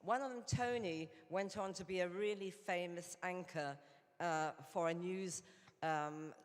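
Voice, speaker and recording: A woman's voice: on the low side, measured pace. A woman from England with a British accent giving a chatty, anecdotal conference speech as a Rotary International director. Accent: British English. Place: conference hall. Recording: reverberant hall.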